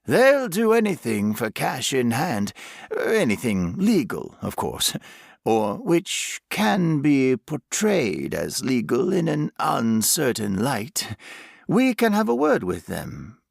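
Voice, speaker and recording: A man's voice: mid-range voice, huge pitch swings, takes it slowly, creaky, no room sound, pitched above the performer's own voice, exaggerated voice. A man voicing a jovial English vicar with a wry, dry sense of humor.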